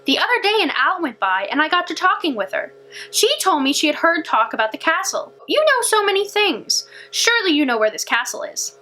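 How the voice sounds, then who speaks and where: A woman's voice: extremely high pitch, big pitch swings, a little fast, sharp tone, pitched above the performer's own voice, exaggerated voice. A woman doing a fussing little old housekeeper.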